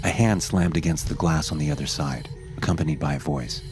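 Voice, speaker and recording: A man narrates a horror story in a steady, measured manner. His voice is extremely deep, and soft music sits quietly underneath.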